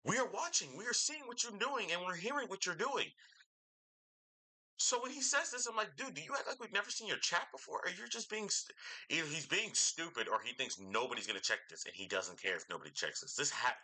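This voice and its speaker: A young man giving reaction commentary, ranting in an exasperated, animated way. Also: a little high, brisk. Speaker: commentary YouTuber.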